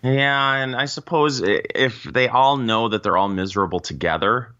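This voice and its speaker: A man's voice: mid-range voice, moderate pace, sharp tone. A man co-hosting a casual political chat podcast, mostly giving brief agreement and wry one-liners. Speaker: podcast co-host. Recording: dull lo-fi sound.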